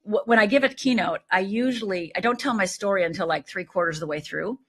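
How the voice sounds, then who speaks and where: A woman in her sixties, a life coach, telling her story as an interview guest in an animated way, often asking "right?". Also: mid-range voice, fast talker, husky, soft background music. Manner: animated, tags thoughts with "right?".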